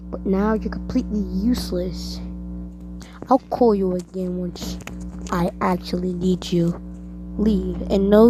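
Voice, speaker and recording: A woman voicing a cold, scornful teenage girl who leads a club, talking down with contempt, with loud music behind. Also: mid-range voice, close to an everyday voice, poor audio. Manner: contemptuous, dismissive. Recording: music playing loudly behind.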